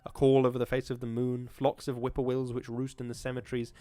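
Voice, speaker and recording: A man's voice: mid-range voice, monotone, fast, warm tone, dry recording, natural voice. A man voicing an elderly widow who urgently warns of evil omens, frightened and earnest.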